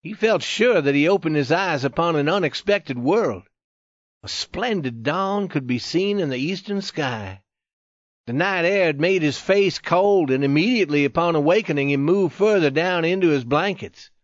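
A man narrating a story in a steady, measured reading. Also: fairly high pitch, no room sound, lo-fi sound. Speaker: audiobook narrator. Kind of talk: scripted narration.

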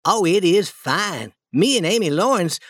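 A woman voicing an eager, boastful young schoolboy in a storybook reading, coaxing and lively. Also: fairly low pitch, unhurried, dry recording, clean studio sound.

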